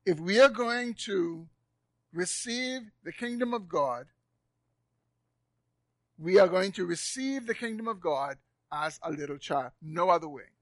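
Man preaching, high voice, dry sound, loud then soft, repeats words for emphasis, church sermon. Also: expressive, measured pace, long pauses, no echo. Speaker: pastor. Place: church sanctuary, live congregation.

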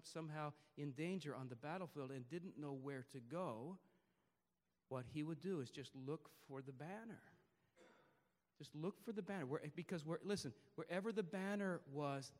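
A man preaching a sermon to his congregation, rising to loud emphatic peaks and dropping to quiet, hushed passages. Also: on the high side, in a large hall. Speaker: pastor. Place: church service before a congregation.

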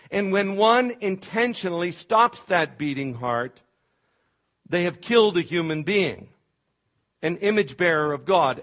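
A middle-aged male pastor preaches a sermon with fervent emphasis, his voice a little high for a man and a bit bright. He leans hard on key words and occasionally stumbles into restarts. The church recording sounds dull and lo-fi.

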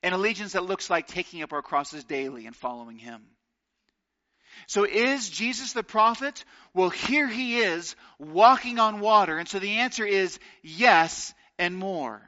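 A man preaching a sermon, earnest and slowing down to stress key phrases. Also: high voice, animated, sharp tone, lo-fi sound. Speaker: pastor.

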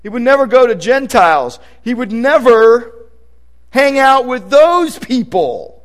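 A man's voice: very high voice, very animated, a little slow. A male pastor preaching a sermon in a conversational, emphatic way, reading scripture aloud as he goes.

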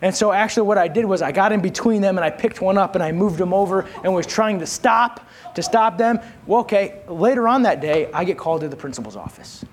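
A man preaching a sermon, telling a personal story and calling on the congregation to respond, his delivery swinging from soft and low to raised and emphatic. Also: animated, a little fast, slight background noise.

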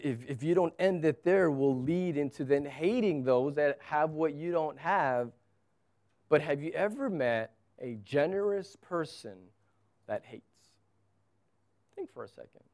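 A man's voice: on the high side, a little mellow. A man in his thirties preaching a sermon as pastor, earnest, often repeating a word as he presses a point. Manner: earnest, repeats words when stressing a point.

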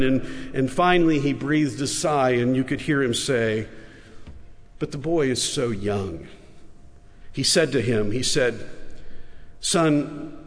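A man, a pastor, preaching a sermon and telling a story with emphasis, in a large church sanctuary. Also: mid-range voice. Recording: echoey large church hall.

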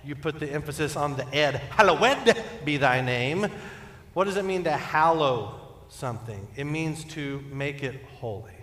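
A man preaching a sermon as pastor, earnest and building to emphatic peaks before dropping soft. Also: mid-range voice. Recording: echoey church hall with long reverb.

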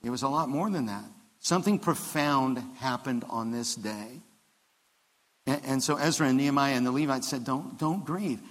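A man, the pastor, preaching a conversational sermon that builds to emphatic high points, with frequent restarts. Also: moderate pace, fairly bright tone. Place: church sanctuary. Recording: long hall reverb of a church.

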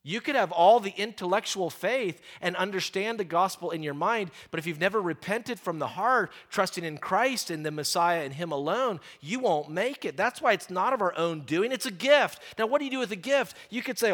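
A man in his forties preaching a sermon, telling stories in a lively, joking and sarcastic way. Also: high voice, fairly quick, few pauses. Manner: lively, conversational. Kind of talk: sermon with storytelling.

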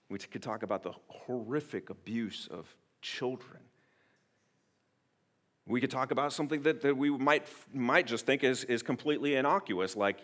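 Male pastor, earnest sermon delivery, mid-pitched voice, emphatic, restarts phrases. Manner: earnest, emphatic, swings between soft and loud.

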